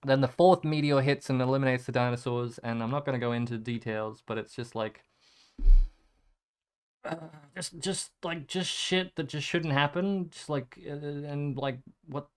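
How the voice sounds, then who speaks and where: Rambling young man, smooth clear voice. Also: medium pitch. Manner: rambling, halting, swears casually, trails off quietly. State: emotional after crying. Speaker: vlogger. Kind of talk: candid personal vlog.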